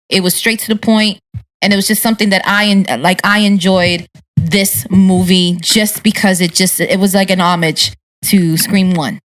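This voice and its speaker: A woman's voice: medium pitch, a bit bright. Woman co-host chatting casually. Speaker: podcast co-host. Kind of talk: casual chat.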